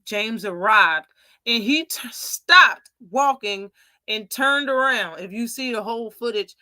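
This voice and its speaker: A young adult woman hosting a casual live commentary show, opinionated and animated, acting out quoted lines as she tells them. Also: medium pitch, dry recording. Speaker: host.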